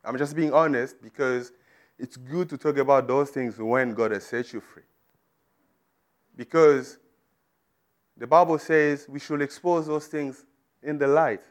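A man's voice: medium pitch, a little slow, pauses often. Emphatic man preaching a sermon. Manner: emphatic, rising to loud declarations.

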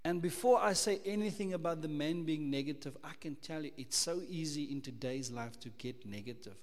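A South African man preaching a sermon, emphatic, full of rhetorical questions, swinging between loud and hushed. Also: on the high side, fairly quick, big-room sound. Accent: South African English.

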